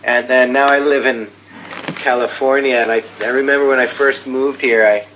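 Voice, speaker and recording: Excitable rambling man, bright edge. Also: mid-range voice, normal speed, a little hiss or hum, poor audio. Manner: rambling and excitable, trailing off and restarting. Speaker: interview guest. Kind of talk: casual chat.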